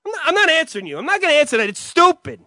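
Casting note: man playing an enraged shrill brother, sharp and lively, dry sound. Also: very fast, no echo, exaggerated voice. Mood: furious. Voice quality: shouting, high and strained. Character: enraged man shouting at his brother in a film scene.

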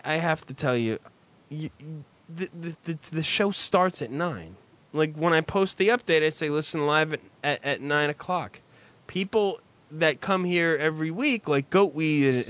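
Animated, bright-voiced podcast host. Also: male voice, on the high side. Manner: sarcastic, profane, laughs a lot, teasing. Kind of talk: casual chat.

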